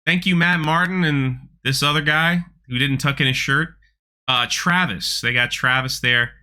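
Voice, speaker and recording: A man's voice: fairly high pitch, moderate pace, sharp tone, clean tone. A man hosting his channel, giving sarcastic, ranting commentary on a trailer with frequent restarts. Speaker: channel host.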